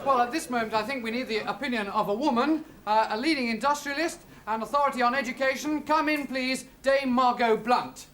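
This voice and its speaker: A man's voice: extremely high pitch, brisk, hardly any pauses. A man playing a flustered, stammering current-affairs TV presenter in a 1960s TV sketch. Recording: hissy old TV recording.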